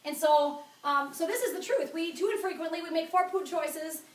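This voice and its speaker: Chatty high-voiced woman coaching a room. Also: fairly quick. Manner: energetic, chatty, blunt. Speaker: wellness coach presenter. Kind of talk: sales presentation to a group. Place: meeting room with an audience. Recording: roomy, from far off.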